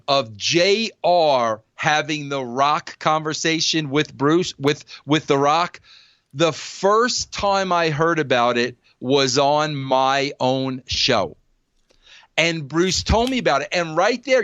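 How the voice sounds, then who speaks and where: Blunt podcast host who keeps saying bro. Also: male voice, fairly high pitch, dry recording, lo-fi sound. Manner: blunt, animated, says "bro" often. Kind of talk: casual podcast talk.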